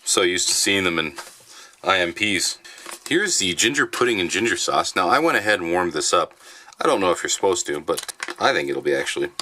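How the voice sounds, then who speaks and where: Man, low voice, bright tone, casual ration review vlog, chatty with fillers. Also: brisk, slight background noise. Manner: relaxed, chatty, with frequent fillers. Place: home basement.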